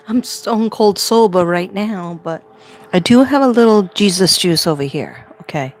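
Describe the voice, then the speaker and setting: A woman's voice: medium pitch, expressive, unhurried. A woman hosting a casual livestream from home, chatty and rambling, laughing often. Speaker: livestream host.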